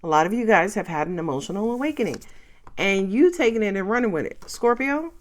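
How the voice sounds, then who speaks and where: A woman reads tarot cards to camera in a lively, chatty way, excitable and quick to swear or laugh. Her pitch swings widely as she talks. She sits at a mid pitch for a woman. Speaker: tarot reader. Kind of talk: casual tarot reading to camera.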